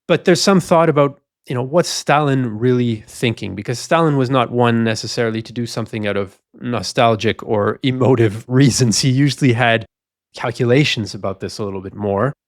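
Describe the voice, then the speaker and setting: A man on a history podcast, as co-host, gives lengthy explanatory background in a discussion. He speaks briskly in a mid-range voice, with clean studio sound and no echo.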